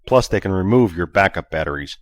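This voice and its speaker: A man voicing a brash, exasperated male starship captain who talks loudly and pushily. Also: low voice, animated, brisk, dry recording, studio quality. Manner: loud, pushy and exasperated.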